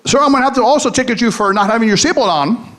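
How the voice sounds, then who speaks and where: A man's voice: very high-pitched, expressive, rapid-fire, a bit bright, pitched above the performer's own voice. A man playing a stern, by-the-book traffic cop. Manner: formal, procedural.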